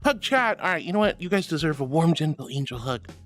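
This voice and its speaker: A woman's voice: deep voice, big pitch swings, fast, faint music behind. A young woman streaming casually, reading chat aloud and calling viewers sweetie and darling, with frequent giggles in her talk.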